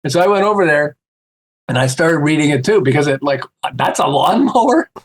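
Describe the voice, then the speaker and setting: A man guesting on a podcast, telling stories in a casual, animated way and acting out the voices of the people he quotes. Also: fairly high pitch, quick pace. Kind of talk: casual storytelling chat.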